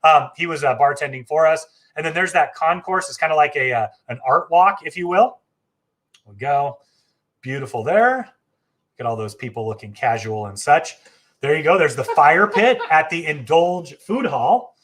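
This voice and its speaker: A man's voice: fairly high pitch, lively intonation, normal speed, fairly bright tone. A man hosting a casual travel live stream, chatty and enthusiastic, with frequent fillers and self-corrections. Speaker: travel agency host.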